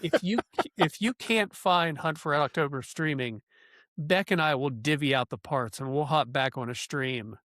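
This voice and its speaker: A man co-hosting a comedy podcast, quick and teasing. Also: on the high side, fairly bright tone, no echo, studio quality. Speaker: podcast co-host. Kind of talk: casual comedic podcast chat.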